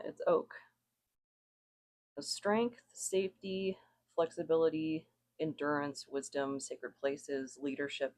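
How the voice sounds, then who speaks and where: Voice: medium pitch, no room sound. Chatty, meandering tarot reader, dry sound. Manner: meandering, thinks aloud, self-correcting, chuckles often. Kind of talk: casual spoken reading to viewers.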